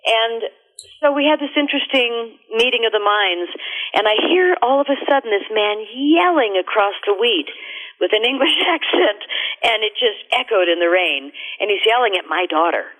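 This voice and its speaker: A middle-aged woman, a radio guest, telling a story in an animated, expressive way. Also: a little high, normal speed. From America. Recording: tinny phone line.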